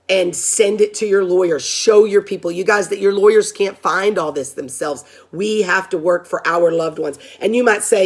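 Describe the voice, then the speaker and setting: A woman's voice: medium pitch, moderate pace, hardly any pauses. Fired-up woman rallying her viewers. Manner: repeats herself, addresses viewers as "you guys". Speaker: advocate hosting a live stream. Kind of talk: impassioned live-stream appeal to viewers.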